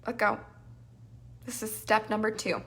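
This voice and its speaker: A woman business coach teaching a live masterclass, animated and playful, acting out the voices in people's heads. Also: mid-range voice, unhurried.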